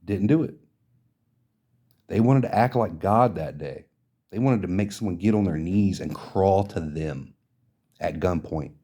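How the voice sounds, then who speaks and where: A man on a podcast, ranting in an indignant, emphatic way and swearing freely. His voice sits fairly low, with a soft, mellow tone rather than a bright edge. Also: measured pace, long pauses, husky. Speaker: podcast host. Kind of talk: ranting social commentary.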